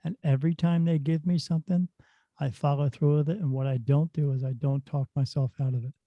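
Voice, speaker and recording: A middle-aged man, a spirit medium guest on a podcast, telling stories in a lively, casual way. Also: a little high, brisk, no room sound. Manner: animated storyteller who acts out dialogue. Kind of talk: casual storytelling in a podcast interview. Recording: dull, dry lo-fi sound.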